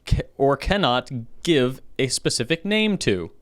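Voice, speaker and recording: A man co-hosting a podcast who chimes in with short, dry jokes. He speaks at an average pitch, captured close and dry in the studio. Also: big pitch swings, a little slow, fairly bright tone, smooth, dry recording. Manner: dry, joking asides. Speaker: podcast co-host. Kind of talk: casual chat.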